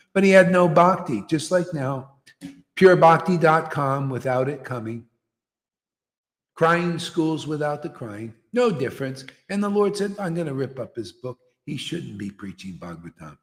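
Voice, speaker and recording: A man's voice: medium pitch, big-room sound. A man preaching a fiery devotional sermon, emphatic and confrontational, challenging his listeners.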